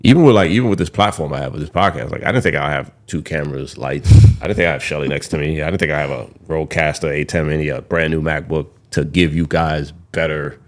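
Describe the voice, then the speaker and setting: Deep-voiced young man ranting on a podcast. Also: fast talker. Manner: candid, rambling, swears freely. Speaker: podcast host. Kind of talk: casual podcast monologue.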